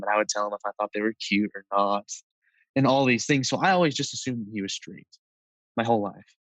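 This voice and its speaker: A twenty-one-year-old man appears as a podcast guest, relaxed and chatty as he tells a personal story full of fillers. His voice is on the low side, the audio is poor, and there's no room sound.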